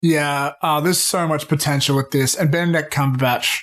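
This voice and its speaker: Brief: male podcast co-host, a touch high-pitched, excitable, profane, calls people "dude". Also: normal speed. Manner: excitable, swears freely, says "dude". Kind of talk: casual pop-culture chat.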